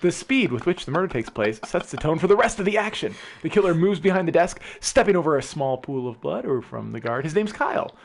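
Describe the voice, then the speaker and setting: A man's voice: brisk, creaky, few pauses. A man casually reading a film script aloud with friends, playful and often laughing. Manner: playful, laughing, animated with big pitch swings. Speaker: script reader.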